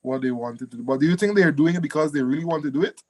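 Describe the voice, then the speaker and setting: A man teaching an online exam review class, animated, repeating key words and laughing easily. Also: a little high, racing.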